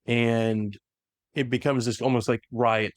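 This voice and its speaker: A man's voice: mid-range voice, flat delivery, unhurried, no echo, clean studio sound. A man hosting a podcast, casually retelling a story with lots of fillers and self-corrections. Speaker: podcast host.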